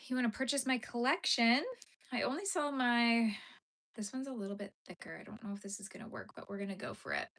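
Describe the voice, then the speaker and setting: Young woman, live-stream host, easygoing chat while crocheting, mid-range voice, answers viewers, trails off into soft asides. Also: medium pitch, expressive, fast talker. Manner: chatty, answers viewer comments as she works.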